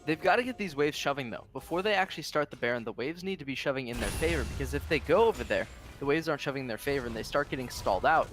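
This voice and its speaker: A man's voice: mid-range voice, lively intonation, rapid-fire, few pauses, a bit bright, soft background music. A man giving color commentary on an esports match, explaining the play and tagging points with "right?". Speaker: esports analyst.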